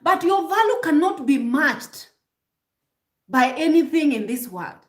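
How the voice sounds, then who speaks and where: High, lively woman lecturing. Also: a little slow, reverberant. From Kenya. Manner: emphatic, preachy, rhetorical "hmm?" prompts, frequent restarts. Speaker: vlogger giving relationship advice. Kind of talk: direct-to-camera advice monologue.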